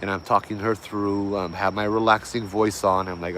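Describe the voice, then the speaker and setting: A man's voice: on the low side, flat delivery, moderate pace, a bit bright, a little hiss or hum, rough recording. Easygoing man telling a ghost story. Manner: easygoing, rambling with fillers and self-corrections.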